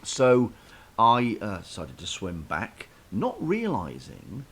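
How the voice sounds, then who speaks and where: A man's voice: fairly low pitch, huge pitch swings, slow. A man casually telling a self-deprecating story in a chat, with lots of restarts, over a faint hiss.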